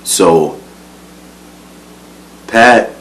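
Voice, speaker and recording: A man's voice: deep voice, expressive, drawn-out words, fairly bright tone, a little hiss or hum, rough recording. A man telling a life story in casual, profane slang, often laughing, repeating words and asking if you follow. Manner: profane, slangy, keeps asking "you know what I'm saying".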